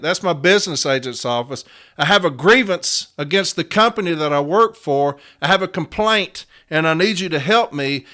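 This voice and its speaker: A man with a bright, ringing voice pitched a little above most men, telling his story to listeners. He hammers each point with repetition like a preacher, then drops low to recount events. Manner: emphatic, repetitive, preacher-like cadence; swings between loud declarations and quiet storytelling. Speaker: union steward and podcast host. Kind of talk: impassioned monologue.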